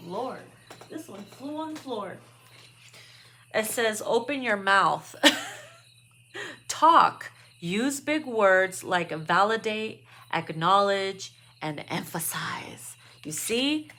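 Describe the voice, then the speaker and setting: A woman's voice: medium pitch, pushed and bright. A woman doing a casual tarot card reading, blunt and profane, laughing often. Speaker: tarot reader.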